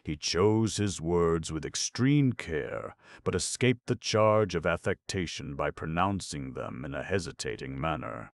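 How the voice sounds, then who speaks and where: A man narrating an audiobook in a measured, ironic storytelling manner. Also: low-pitched, lively intonation, creaky, no room sound, clean studio sound. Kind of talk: scripted narration.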